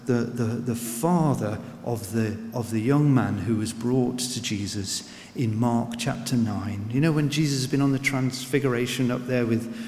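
A man preaching a sermon in an earnest, unhurried way, repeating words as he goes. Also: medium pitch, darkish tone, slight background noise. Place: church. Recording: echoey church with long reverb.

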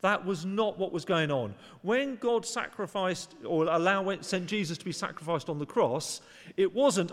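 A man's voice: sits high, animated, normal speed, big-room sound. A man preaching a sermon in an earnest, conversational way, sometimes acting out short voices for emphasis. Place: church.

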